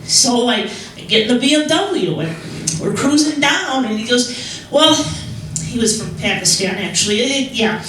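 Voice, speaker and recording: A young woman from Chicago doing a stand-up comedy set on a club stage, talking in a rambling, halting way with many restarts. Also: a little high, animated, fairly bright tone, a little hiss or hum. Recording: echoey room, mic heard from far off.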